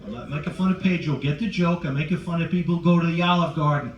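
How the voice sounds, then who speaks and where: This fast-talking comedian's voice runs a little high, heard from far away in a roomy space with the high frequencies cut off. In his forties, he performs stand-up aboard a cruise ship, brash and teasing as he engages the crowd directly.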